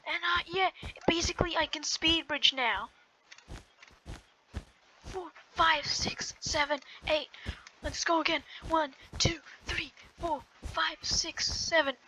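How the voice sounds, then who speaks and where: A woman giving excitable, joking live commentary over her own gameplay, often yelling at the game. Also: very high-pitched, slow pace, a little hiss or hum, rough recording. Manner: excitable, jokey, yells at the game. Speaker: gaming YouTuber.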